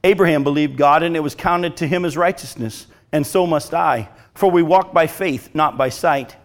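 A middle-aged male preacher delivering a sermon in a fairly high-pitched voice. He speaks earnestly and with emphasis, pressing each point home as he reads from a devotional text. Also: normal speed.

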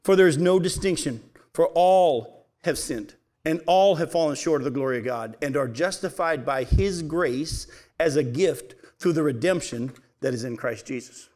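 A man's voice: fairly high pitch, normal speed, few pauses, darkish tone. A man preaching a sermon, asking his listeners questions and then answering them himself, and calling them folks.

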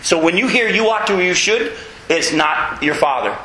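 A man preaching a sermon in a folksy, emphatic way, with self-mocking humor and sudden high leaps in pitch to stress his points. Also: animated, normal speed, sharp tone, reverberant, rough recording. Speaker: pastor.

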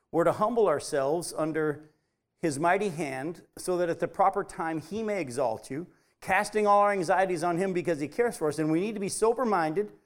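A man teaching a Bible study, emphatic, repeating his key points and putting questions to the group. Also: fairly high pitch.

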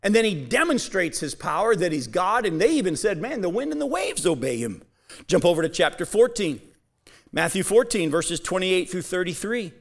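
A man preaching a Bible-teaching sermon, speaking directly to his congregation and reading scripture aloud with slow emphasis. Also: high-pitched, very animated. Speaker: pastor.

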